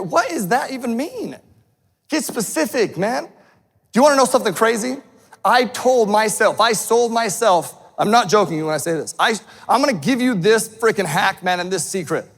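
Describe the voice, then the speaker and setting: A man's voice: very high-pitched, animated, moderate pace, fairly bright tone, long reverb tail. A man giving a fired-up motivational speech to a live audience, intense, swearing and calling people "man" again and again. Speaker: motivational speaker.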